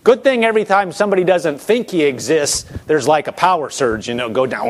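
Conversational preacher, slightly high voice. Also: male voice, brisk, hardly any pauses. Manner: rhetorical questions, animated acting-out of thoughts. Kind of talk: conversational sermon.

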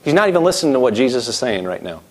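A man's voice: medium pitch, big pitch swings, racing. A middle-aged man preaching a sermon, emphatic, his voice rising and dropping sharply as he acts out quoted voices.

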